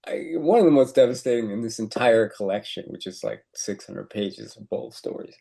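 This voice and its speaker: A man co-hosting a podcast, talking over a short story in a relaxed chat and laughing often as he goes. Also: fairly low pitch, moderate pace, creaky. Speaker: podcast co-host. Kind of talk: casual literary discussion.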